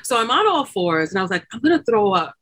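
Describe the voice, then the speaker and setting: A woman guest on a podcast, telling her own story in a chatty, laughing way and acting out the people she quotes with loud, high bursts. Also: very animated, fast talker. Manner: chatty, laughing often, many fillers like "like" and "you know". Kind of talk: animated birth story told in casual chat.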